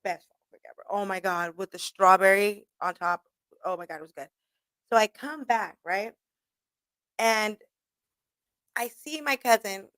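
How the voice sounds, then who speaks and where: Young woman, radio host; casual swearing storyteller, mid pitch, dry close sound. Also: normal speed, pauses often, no room sound. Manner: profane, laughing, animated retelling.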